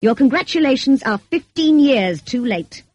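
A woman reading the lines of a brooding, commanding middle-aged gentleman in an audiobook, curt and bitter in manner. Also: lively intonation, normal speed, slightly rough, no room sound, lo-fi sound. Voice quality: deep, growling.

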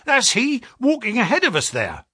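A man voicing a cheerful, eager young clerk who talks quickly and excitedly. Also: a little high, breathy edge, no room sound, studio quality, voice pushed up, exaggerated voice.

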